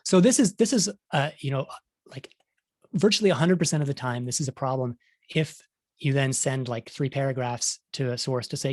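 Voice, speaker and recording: A man's voice: medium pitch, normal speed, dry recording, clean studio sound. A middle-aged man, a science journalist, giving a conversational talk with many restarts, acting out quotes along the way. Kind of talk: conference talk.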